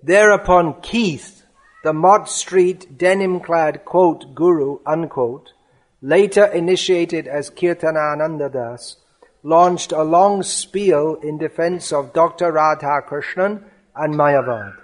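A man giving a spiritual lecture, reading a devotional offering aloud in an earnest, measured way. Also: a little high.

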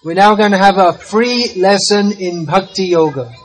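At a moderate pace, a devotional teacher with a high-sitting voice talks about spiritual philosophy and patiently leads a crowd in call-and-response chanting, repeating words for them to echo. The recording is rough.

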